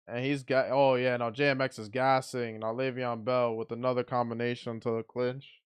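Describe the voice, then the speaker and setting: A man giving blunt, excitable play-by-play commentary on a boxing match as he watches it live. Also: medium pitch, normal speed, smooth.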